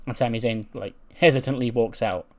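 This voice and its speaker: A man's voice: mid-range voice, a little fast, darkish tone. A man hosting a wrestling management game playthrough and casually retelling its storyline. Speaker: let's play host.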